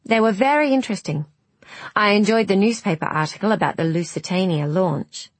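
A woman's voice: medium pitch, brisk, dry recording, lightly acted. A woman voicing a curious, polite young woman who asks eager questions.

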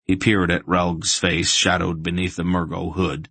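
A male audiobook narrator reading fantasy in a measured, deliberate way. His voice is very low and gravelly, with a husky grain. The sound is close and dry. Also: level tone, sharp tone, no room sound.

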